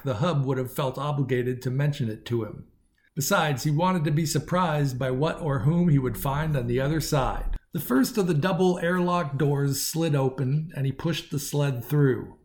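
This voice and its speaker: A man reads a science fiction story aloud with measured, lightly wry narration. His voice sits a little higher than most men's. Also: darkish tone. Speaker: audiobook narrator. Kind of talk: scripted narration.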